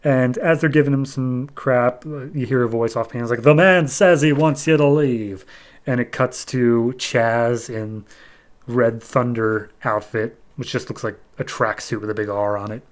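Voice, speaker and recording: A man hosting a podcast gives a casual comic book recap in a medium-pitched voice, flat in delivery and moderate in pace. He narrates in a loose, chatty style with plenty of "he's like."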